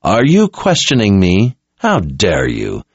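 A man's voice: lowish voice, wildly swooping pitch, slow pace, breathy edge, no room sound, full character voice. A man voicing a haughty, arrogant male sorcerer who drawls his words. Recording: dull lo-fi recording.

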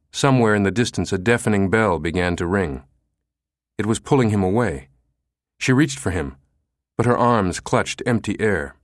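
A man reading a novel aloud as an audiobook narrator, expressive and shifting his voice for each character. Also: lowish voice, no echo, clean studio sound.

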